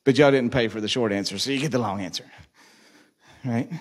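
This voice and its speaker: A man's voice: mid-range voice, brisk. A male pastor preaching a sermon, joking and asking the congregation questions. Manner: jokey, asks the congregation questions.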